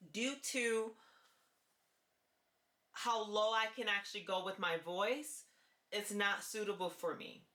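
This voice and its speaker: A woman talking to camera in a casual vlog, with a light, forward-placed voice and an earnest, deliberate way of repeating her key points. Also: mid-range voice, sharp tone, echoey room. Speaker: vlogger sharing voice therapy progress.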